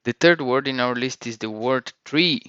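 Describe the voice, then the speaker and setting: A male language teacher talks through a vocabulary lesson, speaking each word and then repeating it with care. His voice is bright and forceful, and it sounds dry and close. The recording itself is dull and slightly lo-fi. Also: mid-range voice, normal speed, clean tone, no room sound. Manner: says each word and repeats it, careful pronunciation.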